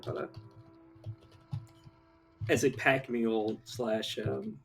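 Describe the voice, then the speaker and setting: A man's voice: medium pitch, fairly even intonation, slow, vocal fry, pauses often, faint music behind. A young man streaming a video game live, chatting to viewers and dissolving into helpless laughter. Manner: giggly, breaks into helpless laughter.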